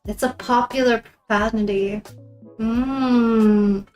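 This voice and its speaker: A woman's voice: fairly high pitch, steady tone, takes it slowly, darkish tone. A woman live streamer chatting casually with her viewers, giggling often between remarks. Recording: roomy echo, faint background music.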